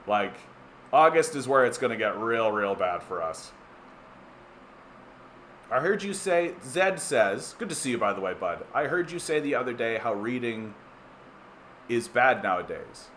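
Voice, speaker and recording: Canadian guy rambling on his stream, sarcastic, lots of uh and restarts, mid pitch, bit of background hiss. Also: lively intonation, measured pace, pauses often, fairly bright tone. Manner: rambling, many restarts and fillers, sardonic. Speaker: livestream host reading chat. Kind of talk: casual political livestream chat.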